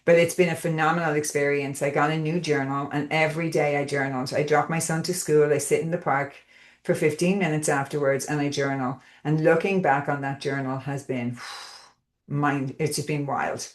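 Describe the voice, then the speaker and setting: A woman's voice: deep voice, fairly even intonation, moderate pace, roomy sound. A woman hosting a casual group coaching call, talking in a rambling, chatty way with lots of fillers and check-ins with her listeners.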